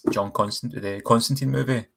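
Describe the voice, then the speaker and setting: A podcast co-host who jokes quickly in casual film chat. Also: mid-range voice, steady tone, vocal fry, a little hiss or hum.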